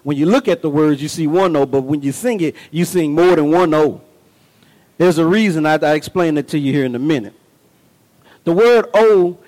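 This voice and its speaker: A man preaching a sermon in an emphatic, repetitive way that builds to shouts. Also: fairly high pitch, long reverb tail, rough recording.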